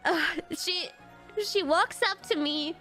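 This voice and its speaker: High-voiced woman rambling through a story. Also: slow, pushed and bright, soft background music. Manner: rambling, filler-heavy retelling with frequent "like", swearing and nervous laughs. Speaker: streamer. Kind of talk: casual storytelling on a livestream.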